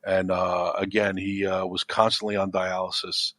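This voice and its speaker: Low-voiced man telling a heartfelt story. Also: moderate pace, dry recording. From United States. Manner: rambling, repeats words when emotional, animated when telling stories. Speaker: podcast guest. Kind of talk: casual chat.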